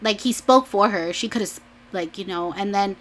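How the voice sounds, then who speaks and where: A woman's voice: mid-range voice, moderate pace. A young adult woman vlogger chatting casually, rambling with lots of "like"s and restarts, and often laughing. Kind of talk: casual chat.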